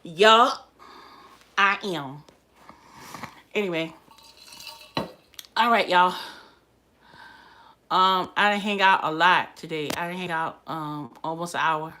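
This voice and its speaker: A woman's voice: lowish voice, slow, long pauses, pushed and bright, slight background noise. A woman chatting casually on a live stream, emotional and repetitive. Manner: emotional, chatty, repeats herself. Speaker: livestreamer.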